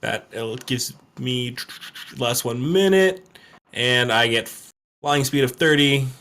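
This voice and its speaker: A player in a tabletop game talks through his character's moves, thinking aloud as he goes. His voice is bright and crisp. His pitch sits in the middle for a man. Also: takes it slowly, slight background noise. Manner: thinks aloud while stating his actions. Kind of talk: casual tabletop game play.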